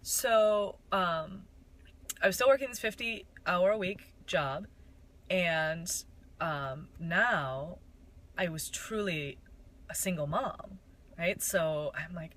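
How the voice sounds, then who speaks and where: A woman's voice: lowish voice, slow, fairly bright tone, a little hiss or hum, poor audio. A young woman from Michigan telling her network marketing story in a casual, candid way, with frequent fillers.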